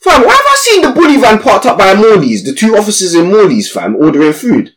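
A young man, telling a slangy, animated story as a podcast co-host. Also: sits high, quick pace, noisy background. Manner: animated, slangy, acts out voices in his stories. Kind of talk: casual storytelling chat.

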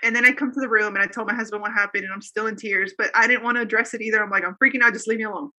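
Racing along in a pushed, bright, medium-pitched voice with a steady tone, this guest shares her faith story casually. She's in her thirties or forties and speaks earnestly but ramblingly, restarting often and using many fillers.

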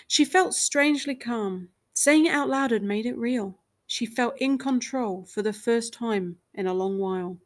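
Woman narrating a story, fairly high voice. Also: a little slow, few pauses.

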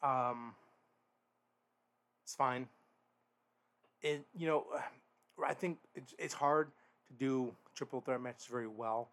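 A man's voice: mid-range voice, fairly even intonation, slow, long pauses, a bit bright. A man hosting a podcast, giving a casual solo wrestling review in a rambling, blunt way, often restarting his sentences and swearing now and then. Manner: rambling, frequent restarts and fillers. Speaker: podcast host.

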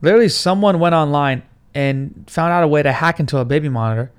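This young man talks casually and rambles, with plenty of cursing and filler. His voice sits a bit on the high side and comes through smooth and crisp. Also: quick pace. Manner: loose, profane, rambling storytelling. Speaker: podcast host. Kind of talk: casual monologue.

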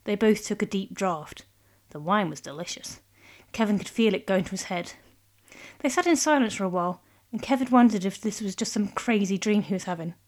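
Female storyteller, measured comic narration, mid pitch. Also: lively intonation. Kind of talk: scripted narration.

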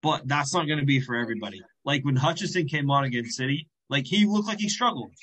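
A man co-hosting a podcast, working through his football points in a measured way. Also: mid-range voice, expressive, a bit bright, poor audio. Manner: measured, reasoning, with restarts. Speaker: podcast co-host. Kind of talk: casual sports chat.

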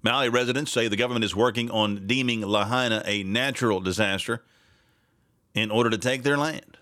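A man's voice: medium pitch, fairly quick, bright, forceful tone, dry recording. A man hosting a casual political commentary podcast, sarcastic and rambling, laughing often. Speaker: podcast host.

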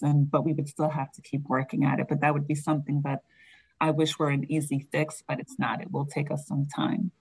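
A woman with a low voice and a New York accent answers questions about her work leading a school district. She talks in a relaxed, conversational way and often pauses on filler words. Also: gravelly, slightly rough, rough recording. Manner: conversational, frequent fillers and laughs. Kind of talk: interview answers.

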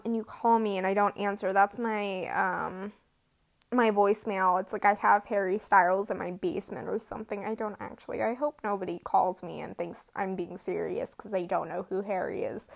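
A woman's voice: mid-range voice, steady tone, moderate pace, creaky. A teenage girl chatting on her own podcast, rambling and giggly with lots of "like" and "um", sleepy and yawning. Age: teens. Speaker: podcast host. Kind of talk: casual solo podcast chat.

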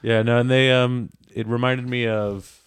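A man's voice: mid-range voice, level tone, unhurried, smooth. A man in casual movie chat with friends, talking loosely with lots of fillers and the odd swear word.

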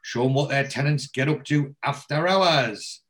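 A man's voice: medium pitch, measured pace, a bit bright. A man casually recapping a TV episode, quoting the characters' lines with frequent ums and restarts.

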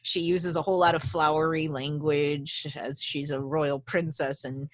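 Lowish-voiced woman recapping a movie. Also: normal speed, no echo. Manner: laughing, animated recapping. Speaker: podcast co-host. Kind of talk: casual movie recap chat.

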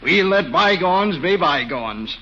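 An actor playing a fussy, awkward small-town mayor in a 1940s radio comedy, flustered and clearing his throat. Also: sits high, expressive, slow, bright, forceful tone, full character voice. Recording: dull noisy old radio recording.

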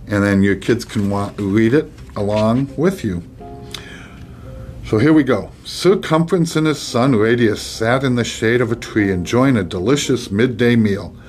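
A man's voice: medium pitch, a little mellow. A man hosting a podcast, reading a children's storybook aloud with chatty, joking asides.

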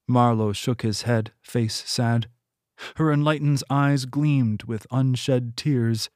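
A man reading his own novel aloud in steady audiobook narration. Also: mid-range voice, takes it slowly, dry recording, studio quality. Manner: steady, even storytelling.

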